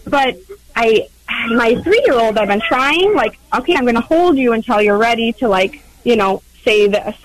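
A woman's voice: a little high, expressive, normal speed, no room sound, low-quality recording. A young mother calling in to a radio show, speaking hesitantly with many ums and likes. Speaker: caller, mother of two. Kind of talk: phone-in call.

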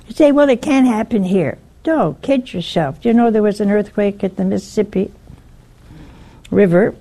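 Speaking at a moderate pace in a warm, mid-range voice, a woman delivers an informal religious talk over a broadcast network. She gives an earnest warning and walks through a story one step at a time.

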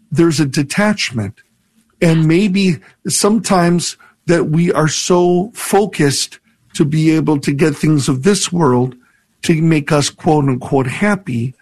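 A man's voice: a little high, a little mellow, husky. A man, a priest co-hosting a call-in radio show, talking in a reflective, earnest way and telling stories.

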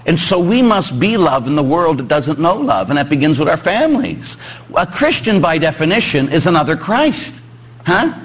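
Lively animated priest preaching. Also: male voice, moderate pace, husky, rough recording. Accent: Pittsburgh. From Pittsburgh. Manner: animated, joking with congregation, rising emphatic pitch. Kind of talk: sermon. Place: church.

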